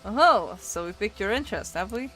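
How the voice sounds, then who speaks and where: A woman's voice: medium pitch, lively intonation, quick pace, soft background music, low-quality recording. Woman voicing a pompous flamboyant male writer. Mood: grandiose. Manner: theatrical, grandiose, loud exclamations. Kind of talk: reading game dialogue aloud.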